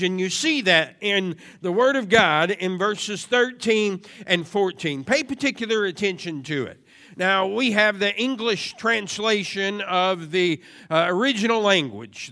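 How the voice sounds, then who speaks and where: A man preaching a sermon to a congregation, moving from steady teaching into loud, emphatic repetition. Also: high voice. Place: church service before a congregation.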